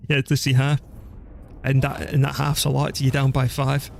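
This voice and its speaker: A man streaming a strategy game, chatting casually and thinking out loud as he plays, laughing easily. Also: mid-range voice, completely flat delivery, normal speed, gravelly, slight background noise. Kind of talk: casual gameplay commentary.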